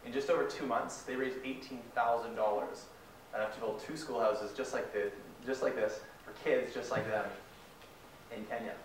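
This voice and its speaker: A man's voice: mid-range voice, fairly even intonation, moderate pace, a little hiss or hum. A young man from Canada giving an enthusiastic guest talk, telling a story with acted-out quotes. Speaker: guest speaker. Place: large hall. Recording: echoey hall, mic far off, faint ambience.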